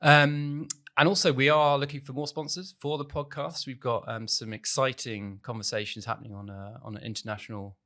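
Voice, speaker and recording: A man's voice: mid-range voice, flat delivery, brisk, hardly any pauses, fairly bright tone. A man hosting a casual podcast chat in a studio, talking in a rambling way with many fillers and restarts. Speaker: podcast host. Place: recording studio on the island of Jersey.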